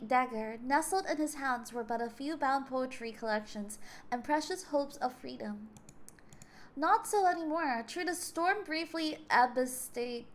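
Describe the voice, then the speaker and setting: A young woman streamer reading game dialogue aloud between chatty, animated stories, often stumbling over words and laughing. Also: high voice, slight background noise. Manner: animated storytelling.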